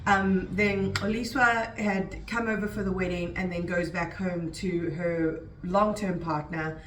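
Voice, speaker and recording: A woman's voice: on the low side, fairly even intonation, measured pace, reverberant, distant mic, a little hiss or hum, low-quality recording. A woman chatting casually as a book vlogger, rambling along with lots of "like" and "um". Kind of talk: casual vlog chat.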